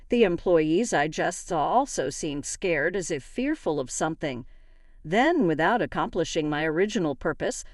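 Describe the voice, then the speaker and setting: A woman giving a scripted first-person story narration in a measured storytelling manner. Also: fairly low pitch, no echo, clean studio sound.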